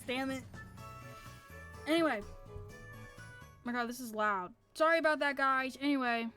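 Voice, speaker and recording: A woman's voice: sits high, a little slow, long pauses, sharp tone, faint music behind. A woman streaming a game, chatting casually with a loose, profane, self-mocking manner. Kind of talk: casual live-stream chat.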